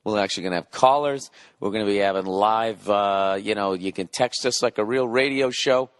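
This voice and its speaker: Man, middle-aged, podcast host, rambling, profane, sarcastic, lowish voice, dry sound. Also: normal speed, clean tone, dry recording. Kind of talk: solo podcast monologue.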